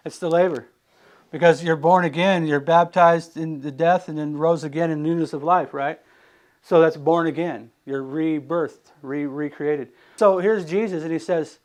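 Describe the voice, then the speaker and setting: A man's voice: a little high, normal speed. A man giving a casual sermon, asking his listeners questions and acting out the people in the story. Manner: animated, asks rhetorical questions, acts out quotes. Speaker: preacher.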